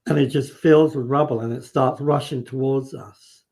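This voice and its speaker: A man's voice: mid-range voice, steady tone, normal speed, darkish tone. A man, a guest on a live stream, vividly retelling events in casual storytelling, acting out what people said and restarting his sentences.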